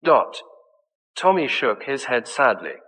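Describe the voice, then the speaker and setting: Bright-voiced male audiobook narrator with reverb. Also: mid-range voice, expressive, normal speed. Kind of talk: scripted narration of a mystery story.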